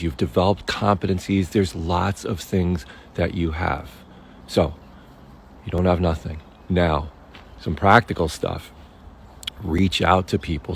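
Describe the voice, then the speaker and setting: A man's voice: sits low, gravelly, darkish tone, slight background noise. A middle-aged man, a career coach, giving direct, encouraging advice to camera.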